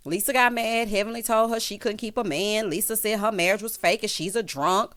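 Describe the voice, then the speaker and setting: A woman's voice: medium pitch, a little fast, fairly bright tone. A woman recapping a reality show in a sassy, chatty way, talking straight to the cast. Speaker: recap vlogger.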